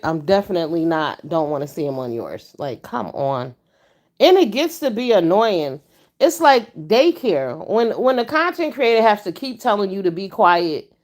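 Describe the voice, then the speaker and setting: A woman hosting a casual livestream chat, blunt and stern, talking back to her viewers. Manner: blunt, profane and stern, with animated pitch jumps. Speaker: livestream host.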